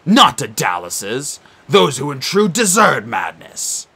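A man voicing the sneering ghost of an ancient king, speaking slowly in a low, mocking, menacing tone. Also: huge pitch swings, vocal fry, bright, forceful tone, husky, heavily acted. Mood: sneering menace.

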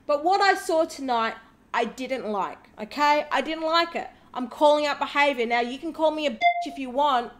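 A woman's voice: high voice, fairly bright tone. A woman hosting a reaction video, talking in a sarcastic, indignant way. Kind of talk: reaction commentary.

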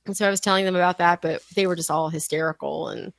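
A woman chatting on a podcast in a lively, animated way, laughing often and acting out what others said. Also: lowish voice, fast talker, dry recording. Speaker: podcast guest. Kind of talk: casual podcast chat.

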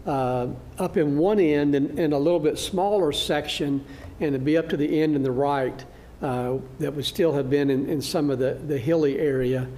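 A man teaching a church Bible class, lecturing through a slide show in a halting way, with frequent fillers and restarts. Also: a little high, warm tone. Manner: good-humored, laughs at his own slip.

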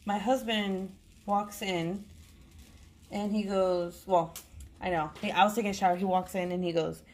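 Woman, 30s, crafting vlogger, casual rambling storyteller, mid-pitched. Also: a little hiss or hum. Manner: rambling storyteller, chatty, laughs often. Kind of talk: casual chat while unboxing.

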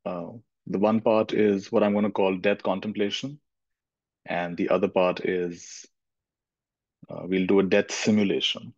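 Man, low voice, spiritual teacher, thoughtful and gentle, dry lo-fi recording. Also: flat delivery, unhurried, no room sound. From India. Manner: thoughtful, gentle, repeats phrases for emphasis. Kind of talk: reflective spiritual talk. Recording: dull lo-fi recording.

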